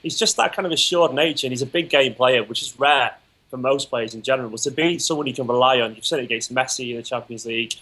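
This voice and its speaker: A man's voice: mid-range voice, quick pace, sharp tone, poor audio. A man appearing as a guest in a casual football chat, enthusiastic and opinionated.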